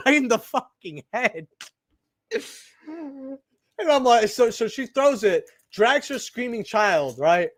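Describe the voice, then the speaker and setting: A man's voice: very high-pitched, big pitch swings, slow pace, fairly bright tone, dry recording. A young man hosting a card-opening video, telling a rambling workplace story in casual chat with lots of asides and "right?" tags. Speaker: channel host opening trading cards.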